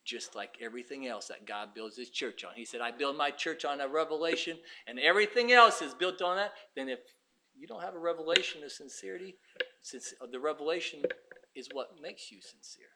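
A man preaching a sermon with passion, swinging from shouted bursts to hushed, quiet stretches. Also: a little high, fairly quick.

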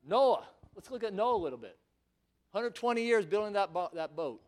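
A man with a high voice preaches a sermon. He delivers it emphatically, piling up rhetorical questions and at times pushing toward a shout. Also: big pitch swings, normal speed.

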